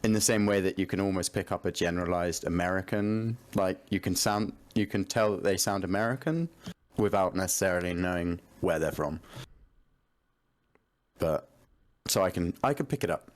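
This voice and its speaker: Very deep-voiced man on a panel. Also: moderate pace. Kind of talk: casual online panel chat.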